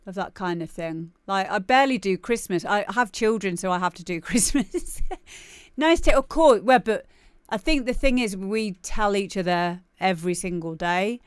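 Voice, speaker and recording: Brief: female stream host, smooth clear voice, dry close sound, loose giggly chatter. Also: medium pitch, normal speed, no echo. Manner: chatty and giggly, rambling with many fillers. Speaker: livestream show host. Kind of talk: casual livestream chat.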